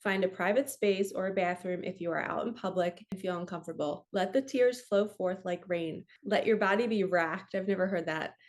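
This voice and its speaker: A woman who works as a spiritual coach, reading from a book and talking it through in a gentle, earnest way. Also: on the low side, normal speed, few pauses. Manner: gentle, earnest, laughs easily. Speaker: spiritual coach and card reader. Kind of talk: casual reading aloud from a book with commentary. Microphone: camera.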